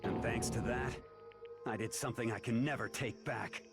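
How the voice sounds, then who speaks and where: Deep gruff biker gang boss, a guy voicing him, sorry for himself, game voice over loud music. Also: moderate pace, close to an everyday voice. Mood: remorseful. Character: tough male biker gang leader, remorseful and beaten.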